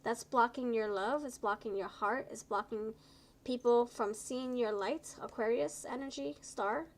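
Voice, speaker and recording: A woman doing a live tarot reading, chatty and encouraging, tired and low on energy, stumbling over her words now and then. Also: unhurried, rough recording. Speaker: tarot reader.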